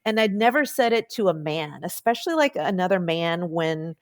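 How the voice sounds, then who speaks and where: A woman's voice: lowish voice, normal speed, no room sound, studio quality. A woman telling her personal story as a podcast guest, chatty and full of "like" fillers. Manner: chatty, many "like" fillers, lively quoted voices. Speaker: podcast guest, nonprofit founder.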